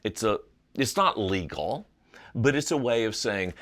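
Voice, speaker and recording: A middle-aged man with a fairly low voice leads a Bible class on video. His pitch swings widely as he tells the story and explains it with animation. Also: lively intonation, a little slow, fairly bright tone. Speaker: Bible college teacher. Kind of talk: video Bible lesson lecture.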